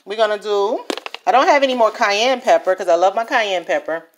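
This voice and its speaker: A woman's voice: medium pitch, fairly quick, slight background noise. Chatty New woman cooking at home. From New Orleans, USA. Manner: chatty, keeps checking in with the viewer. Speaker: home cook. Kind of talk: casual cooking vlog.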